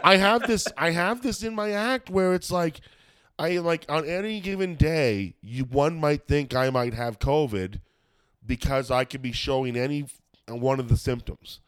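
On his podcast, a comedian and host rambles in casual chat packed with swearing and fillers, coughing like a smoker and sounding like he has a cold. He speaks at a moderate pace with a fairly high pitch and clean tone, and there's no room sound.

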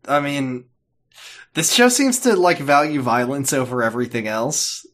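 A man's voice: mid-range voice, measured pace, a bit bright. A man co-hosting a podcast, joking and laughing often as he recaps a TV episode, with some swearing. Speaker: podcast co-host. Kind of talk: casual chat recapping a TV episode.

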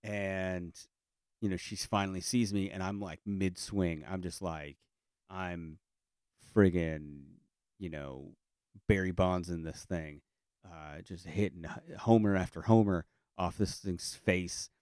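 Low-voiced guy rambling through a funny story, lots of uh and you know, dry close sound. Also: fairly even intonation, takes it slowly, darkish tone, smooth, no echo. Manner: rambling, many fillers and restarts; acts out family voices in quotes. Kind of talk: casual comic storytelling.

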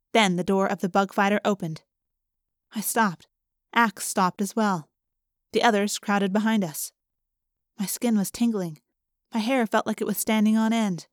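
A woman narrating a first-person novel in a clear, measured storytelling manner. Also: medium pitch, fairly even intonation, dry recording, studio quality. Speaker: audiobook narrator.

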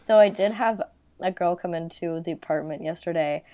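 Young woman, super hoarse and raspy from being sick, laid-back podcast chat, laughs a lot. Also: on the low side, normal speed, mellow. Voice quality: raspy, like a chain smoker. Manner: laid-back, laughs often, swears casually. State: hoarse from a cold. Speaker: podcast co-host. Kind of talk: casual chat.

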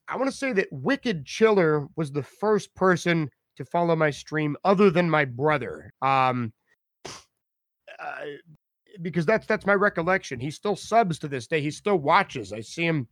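Streamer guest, male, slightly high voice, loose and laughing, dry recording. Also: dry recording. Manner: laughs often, repeats words, puts on voices for viewers' names. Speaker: streamer being interviewed. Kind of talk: casual chat.

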